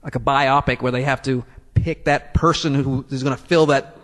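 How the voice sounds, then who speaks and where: A man's voice: medium pitch, fairly even intonation, normal speed. A man hosting a podcast in casual chat, rambling and jokey, often trailing off mid-sentence, recorded in a basement room under a church. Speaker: podcast host. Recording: echoey room.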